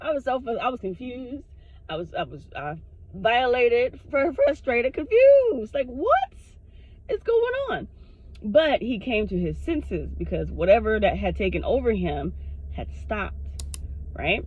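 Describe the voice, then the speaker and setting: A woman vlogger telling a personal story to her camera in a frank, animated way, swearing freely. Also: medium pitch, a little slow, husky. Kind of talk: casual storytime monologue. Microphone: self-recorded on camera. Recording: dull lo-fi sound.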